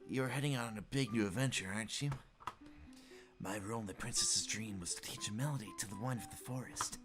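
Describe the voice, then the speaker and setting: Game figure: mopey emo guardian woman, low, flat, quiet mumble, done by a woman. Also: fast, music in the background. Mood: gloomy. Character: gloomy moody female guardian warrior.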